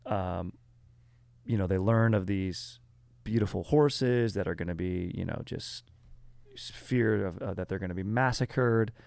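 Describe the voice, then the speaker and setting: A man's voice: deep voice, unhurried, vocal fry, a little mellow, no echo. A man hosting a podcast, telling a history story in a rambling, slangy, casual way full of fillers. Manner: rambling, filler-heavy, slangy, says dude and bro.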